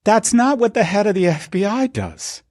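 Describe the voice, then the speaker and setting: A man's voice: sits high, lively intonation, moderate pace, a little mellow, no echo, clean studio sound. A middle-aged man co-hosting a podcast, telling stories sardonically and building to indignant emphasis. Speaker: podcast co-host. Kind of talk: casual opinionated chat.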